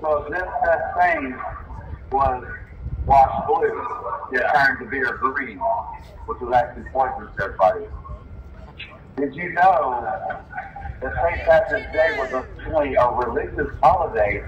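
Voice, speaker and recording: A man's voice: medium pitch, unhurried, pauses often, dull audio. A man from Texas hosting a call-in stream, chatting casually and reeling off trivia questions. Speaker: host taking phone calls. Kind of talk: casual chat. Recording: distant mic with faint background noise.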